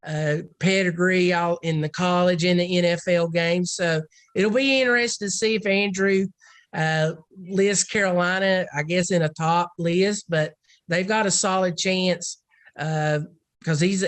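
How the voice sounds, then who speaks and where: A woman's voice: on the low side, fairly even intonation, measured pace, no echo. A woman football recruiting analyst in a casual podcast discussion, rambling and thinking aloud.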